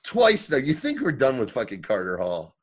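A man co-hosting a podcast in casual chat, recapping scenes in a profane, animated way. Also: mid-range voice, normal speed. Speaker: podcast co-host.

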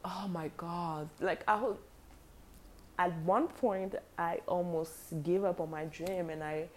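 Young woman, low-pitched voice, casual animated storytelling, slangy, faint background hiss. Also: takes it slowly. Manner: animated, acts out quoted dialogue, slangy.

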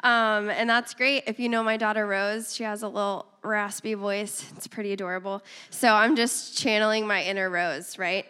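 A woman preaching a sermon to her church, her voice raspy and hoarse from a cold, chatty and enthusiastic as she speaks straight to the congregation. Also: medium pitch, fairly even intonation, normal speed, hardly any pauses, bright, forceful tone. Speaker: guest preacher, pastor's wife. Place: church sanctuary.

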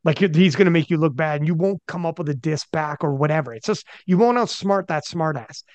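A man hosting a podcast, talking in an animated way with stumbling restarts and swearing. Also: a little high, fairly quick, no echo. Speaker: podcast host. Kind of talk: casual podcast chat.

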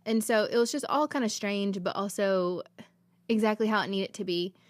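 A woman's voice: medium pitch, normal speed, no echo. A woman, hosting a podcast and telling a personal faith testimony in an earnest, emotional, rambling way. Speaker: podcast host.

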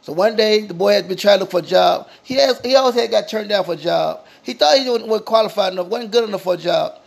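A man with a very high voice tells a homespun story off the cuff. His tone is gravelly and a little husky. He stumbles and repeats himself as he goes, restarting lines often. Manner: halting, repetitive telling with frequent restarts. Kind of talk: improvised spoken storytelling.

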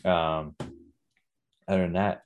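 A man's voice: low-pitched, steady tone, slow pace, a little hiss or hum. A man co-hosting a casual late-night podcast, laid-back and slangy, sounding tired. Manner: laid-back slangy talk, frequent "yo" and "dude". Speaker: podcast co-host.

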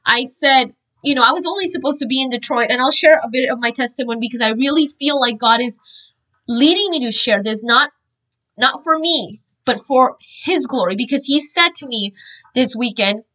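A woman earnestly sharing a religious testimony, telling her story in an animated, informal way with frequent fillers and restarts. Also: high voice, moderate pace, poor audio.

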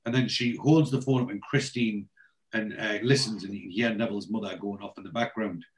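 A man's voice: fairly low pitch, fairly even intonation, fairly quick. A man with a rambling, chatty manner, casually recapping a TV episode as a podcast co-host.

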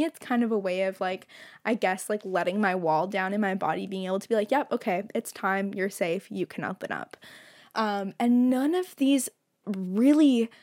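A young woman hosting a podcast, talking openly and emotionally in a casual monologue, swearing freely and laughing as she talks. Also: mid-range voice. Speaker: podcast host.

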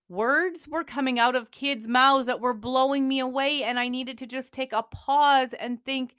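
A woman hosting a motivational podcast, talking in an energetic, emphatic coaching manner. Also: high voice, unhurried, few pauses, clean tone, no room sound, studio quality. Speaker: podcast host.

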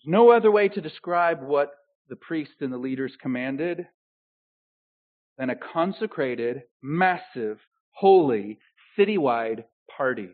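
Pastor guy preaching, high voice, goes loud then real quiet, sounds like a phone line. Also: lively intonation, measured pace. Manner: swings between loud emphatic declarations and quiet intimate asides. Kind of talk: sermon.

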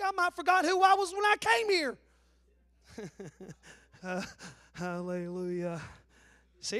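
A man with an Appalachian accent preaching a sermon in a folksy, joking way, swinging between loud preaching and low asides. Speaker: pastor.

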